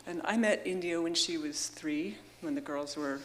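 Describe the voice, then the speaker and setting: A woman's voice: low voice, moderate pace, a little hiss or hum. A middle-aged woman giving an earnest, heartfelt memorial tribute into a microphone at a gathering, her voice emotional. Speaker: memorial speaker.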